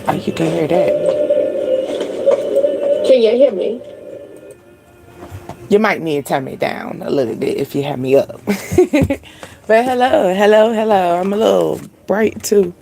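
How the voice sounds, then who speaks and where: Young woman, spiritual reading host, casual live-stream chat, unhurried drawl, faint music underneath. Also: medium pitch, expressive, vocal fry. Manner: chatty and laid-back, often laughing, drawn-out words.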